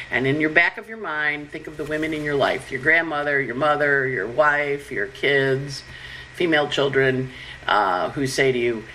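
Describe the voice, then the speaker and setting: Low-voiced woman giving an astrology forecast. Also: slight background noise, rough recording. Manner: chatty, animated, breaks into high-pitched quoted voices. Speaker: astrologer host. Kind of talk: casual weekly astrology forecast.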